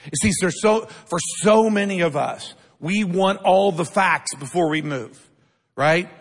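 High-voiced preacher in a reverberant hall. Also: male voice, a little slow. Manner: keeps asking the congregation "right?"; emphatic, builds up to shouted lines. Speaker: pastor. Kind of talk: sermon. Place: church sanctuary. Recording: long reverb of a large hall.

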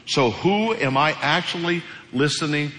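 A male pastor preaching a sermon in a church sanctuary. He speaks in a colloquial, animated way and acts out the voices he quotes. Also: fairly high pitch, unhurried. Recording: echoey hall reverb.

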